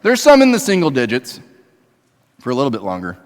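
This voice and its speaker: A man giving a sermon in a church sanctuary, with the long reverb of the hall trailing after his words. His voice sits at a middle pitch. He preaches conversationally, pressing hard on some points and dropping low and quiet on others. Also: huge pitch swings, brisk. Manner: conversational preaching, swinging between emphatic highs and quiet lows. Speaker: pastor.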